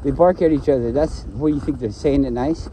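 A man's voice: medium pitch, brisk, warm tone, a little hiss or hum, low-quality recording. A man ranting to himself in a rambling solo vlog, swearing often and complaining. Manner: profane, complaining, talks to himself. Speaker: vlogger.

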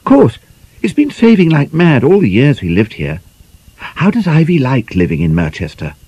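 A man's voice: mid-range voice, wildly swooping pitch, moderate pace, dark tone, husky, voice pushed up. A man voicing a vulgar, envious, gossiping man who chats nosily about the neighbors. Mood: gossipy. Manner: chatty, gossiping. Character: nosy, envious, vulgar middle-aged man. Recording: dull, muffled audiobook recording.

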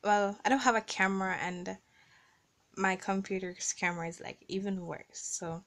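A woman's voice: medium pitch, fairly even intonation, moderate pace, a bit bright. A young woman from the Caribbean with a Caribbean English accent, chatting casually in a vlog recorded on her phone and reading out word lists. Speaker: vlogger.

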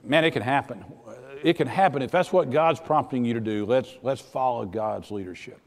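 Folksy pastor preaching. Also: male voice, medium pitch, normal speed. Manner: folksy, plainspoken, earnest, swings from soft to loud. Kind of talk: sermon. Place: church sanctuary. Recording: church sanctuary with long reverb.

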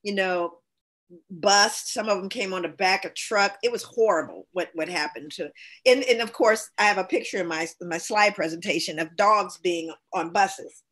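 A woman's voice: medium pitch, normal speed, fairly bright tone. A woman guest in a casual conversation, earnestly recounting past experiences and voicing the people she describes.

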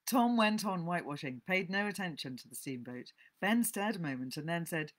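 A woman reading a classic novel aloud and commenting on it, in an expressive storytelling manner. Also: fairly low pitch, normal speed, hardly any pauses. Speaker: book vlogger.

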